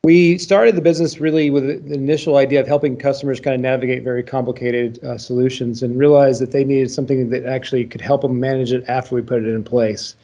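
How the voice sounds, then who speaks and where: A man's voice: medium pitch, level tone, quick pace, hardly any pauses, dark tone. A man, a company founder appearing as a podcast guest, explaining his business casually with frequent fillers.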